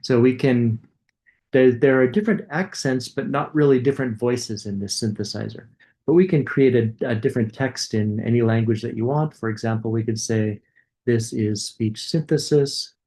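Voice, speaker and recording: A man's voice: mid-range voice, normal speed, darkish tone. A man giving a coding lecture, casually thinking aloud and demonstrating code as he goes.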